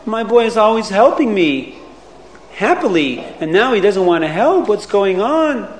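A patient mother speaks softly and coaxingly, as a man voices her in a story. Her voice sits high and the room rings around it. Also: sing-song, unhurried, roomy sound, in a large hall, a little hiss or hum. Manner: soft, coaxing. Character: patient gentle mother of a family.

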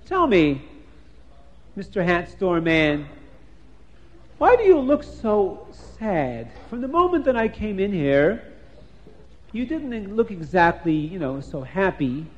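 A man voicing a talkative, excitable poet who is a husband, rambling on in a storyteller's telling. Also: sits high, takes it slowly, long pauses, full character voice. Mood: concerned. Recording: dull lo-fi recording.

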